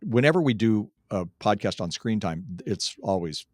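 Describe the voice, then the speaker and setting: A man hosts a podcast in a low voice, recorded dry and close to the mic. He is encouraging, affirms his guest often, and steers toward practical questions. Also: big pitch swings, normal speed, a little mellow, no room sound. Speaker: podcast host. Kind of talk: conversational podcast interview.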